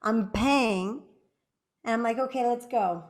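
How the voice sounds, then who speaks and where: A woman's voice: fairly high pitch, slow. A woman co-hosting a podcast, chatting and telling a story of her own in a casual, laughing way. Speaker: podcast co-host.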